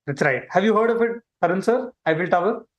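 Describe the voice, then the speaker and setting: Man as cheerful alien livestream host, a bit high-voiced, chatty with the audience. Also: fast, dull audio. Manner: animated, chatty, addresses viewers directly. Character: friendly male alien visitor hosting a kids' stream. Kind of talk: playful kids' livestream hosting.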